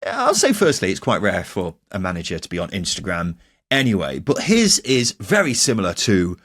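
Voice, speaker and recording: A man's voice: wildly swooping pitch, normal speed, fairly bright tone, dry recording, studio quality. A young man co-hosting a casual football podcast, chatty and often laughing as he talks. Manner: chatty, laughs often, drifts up in pitch when joking. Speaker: podcast co-host.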